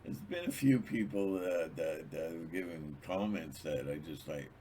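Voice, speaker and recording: A man's voice: deep voice, normal speed, few pauses, warm tone, slight background noise. A man hosting his own channel, talking in a rambling, digressive monologue with many restarts. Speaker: channel host.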